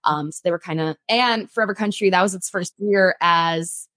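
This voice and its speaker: A young adult woman, a theme park singer, telling her story in a casual interview with an animated, chatty manner. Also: fairly low pitch, normal speed, no room sound, clean studio sound.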